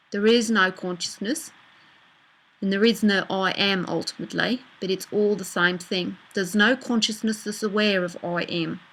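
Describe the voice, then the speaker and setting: A woman's voice: medium pitch, a bit bright, rough recording. A middle-aged woman spiritual teacher speaking casually and bluntly in a live online talk. She answers viewer messages, swears now and then and laughs often.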